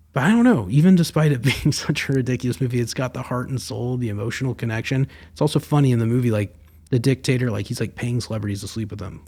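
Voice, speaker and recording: A man's voice: mid-range voice, darkish tone. A young man hosting his own podcast, talking casually and rambling with lots of fillers and swearing. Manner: rambling, profane, filler-heavy. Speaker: podcast host. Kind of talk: casual solo commentary.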